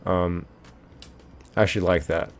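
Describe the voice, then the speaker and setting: Rambling low-voiced male streamer. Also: level tone, measured pace. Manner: reads viewer chat aloud and answers it; rambling, many filler "like"s. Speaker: live-stream host. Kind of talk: casual live-stream chat.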